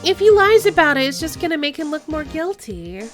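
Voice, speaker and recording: A woman's voice: high-pitched, big pitch swings, a little fast, faint music behind, pitched above the performer's own voice. A woman voicing a nervous young male defense attorney in a game, thinking aloud. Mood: worried. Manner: anxious inner monologue. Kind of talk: game voice-over.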